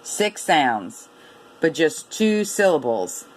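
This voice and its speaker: A woman teaching a reading lesson to children, repeating each word and sounding it out letter by letter in a slow, deliberate way. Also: deep voice, lively intonation, fairly bright tone.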